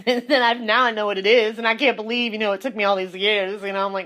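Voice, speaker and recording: A woman's voice: mid-range voice, steady tone, fast, a bit bright. A woman hosting a casual chat, telling stories animatedly and laughing often. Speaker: host.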